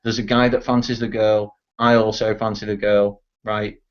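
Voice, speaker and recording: The recording is dull lo-fi voice chat, where a teenage discussion participant with a low-leaning voice talks at normal speed in a flat delivery. He rants bluntly and curses frequently.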